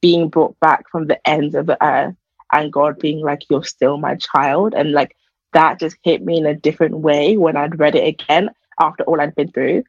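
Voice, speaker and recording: A woman's voice: sits low, fairly even intonation, normal speed, darkish tone, slightly rough, no echo, highs cut off. A young woman telling her personal story in a casual, earnest way, full of fillers. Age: young adult. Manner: earnest, chatty, many fillers. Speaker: podcast guest.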